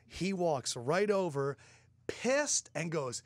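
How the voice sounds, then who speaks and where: A young man co-hosting a podcast, telling stories in a lively, animated way and acting out the people he quotes. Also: on the high side, moderate pace, creaky, no echo, studio quality. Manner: animated storyteller, quotes people in bursts, curses. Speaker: podcast co-host. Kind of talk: casual chat.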